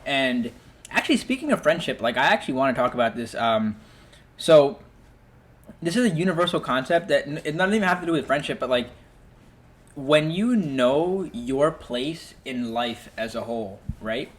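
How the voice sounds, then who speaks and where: A young man in casual podcast chat, swinging into animated storytelling and laughing often as he goes. His talk is loose and full of fillers, with a plain, mid-pitched voice. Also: moderate pace. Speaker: podcast host.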